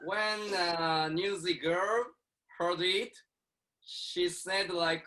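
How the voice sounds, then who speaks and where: Japanese host, high bright voice, slow, hesitant English speaker. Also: male voice, fairly even intonation. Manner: hesitant, many uh fillers. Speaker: channel host. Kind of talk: casual video call chat. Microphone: video call.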